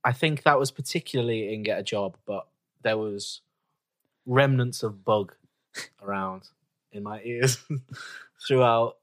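Homem brincalhão em conversa casual. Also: male voice, lowish voice, measured pace, pauses often, no echo. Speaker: podcast co-host reviewing albums. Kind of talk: casual chat.

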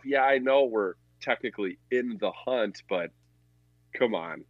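A man's voice: mid-range voice, moderate pace, dry recording, lo-fi sound. A man co-hosting a casual sports betting podcast, talking bluntly and profanely in a ranting way. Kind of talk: casual chat.

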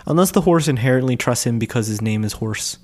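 A man's voice: medium pitch, lively intonation, fast talker, darkish tone. A young man co-hosting a podcast, reacting to an anime in casual chat with dry, teasing humor. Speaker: podcast co-host.

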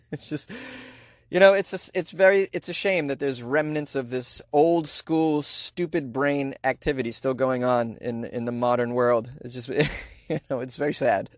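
A man's voice: medium pitch, normal speed, dry recording. Wisecracking Boston-accented man, dry closet sound. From Boston, USA. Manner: joking, sarcastic, ranting with laughs. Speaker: podcast host. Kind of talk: comedic news podcast chat. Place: small closet.

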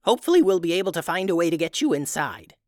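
A man voicing a brisk old female witch who leads the group, in a raised, lively voice. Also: no room sound, studio quality. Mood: reassuring. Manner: high, lively put-on voice.

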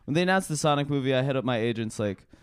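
A man co-hosting a casual podcast, an excitable voice actor who rambles and restarts his sentences. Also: mid-range voice, rapid-fire, smooth, no room sound, studio quality. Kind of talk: casual chat.

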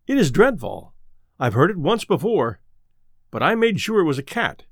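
A man's voice: on the high side, big pitch swings, normal speed, a bit bright, dry recording, exaggerated voice. A frightened innkeeper frets and wails, his voice leaping up and down, as a male storyteller puts him on. The reading is close and dry. It is an audiobook ghost story. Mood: fretful. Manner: anxious, wailing.

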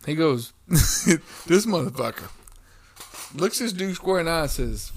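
Male podcast co-host, swearing storyteller, lively voice on the high side. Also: measured pace. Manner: animated, heavy swearing, acts out quotes. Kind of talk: casual storytelling chat.

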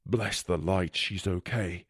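A man's voice: sits low, slow pace, breathy edge, no room sound, studio quality, voice pushed down, heavily acted. A man voicing Magborn, a grave mentor. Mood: relieved, grave.

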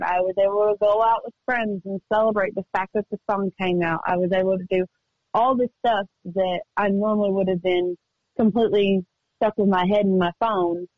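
A woman's voice: mid-range voice, dry recording. Upbeat woman guest rambling happily, mid voice, kinda dry and dull sounding. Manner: chatty, upbeat, quick storytelling. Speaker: guest singer-songwriter. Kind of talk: casual radio interview chat. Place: remote call from home studio.

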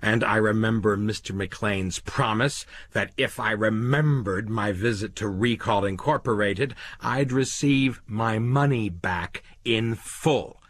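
A man voicing an anxious, angry male clerk in a storybook reading, talking insistently in a husky voice. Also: lowish voice, takes it slowly, hardly any pauses, no echo, voice pushed up. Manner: agitated, insistent.

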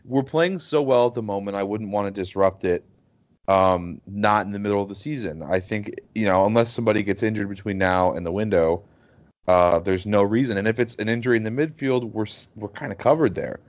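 Man, co-host, hesitant, filler-heavy, lowish voice, dull recording. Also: fairly quick. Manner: rambling, hesitant with many fillers. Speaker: podcast co-host. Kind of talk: casual sports podcast chat.

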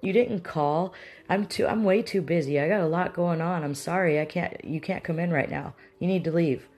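Rude aggressive jerk, loud and snapping, played by a teacher for an example. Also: medium pitch, moderate pace, voice pushed up, natural voice. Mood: angry. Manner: snapping and insulting.

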